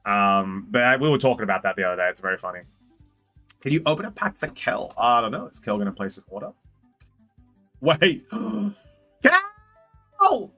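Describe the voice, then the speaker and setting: A man's voice: lowish voice, fast, soft background music. A man streaming as he opens card packs, chatting casually and joking with viewers by name. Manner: lively, joking, talks to chat by name. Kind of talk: casual live-stream chat.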